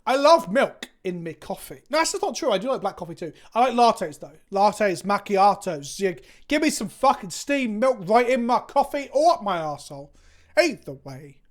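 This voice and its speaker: A man's voice: high voice, big pitch swings, normal speed. Sweary, chatty English man streaming. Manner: rambling, sweary, self-mocking banter. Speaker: Magic card game content creator. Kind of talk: casual chat on a live stream.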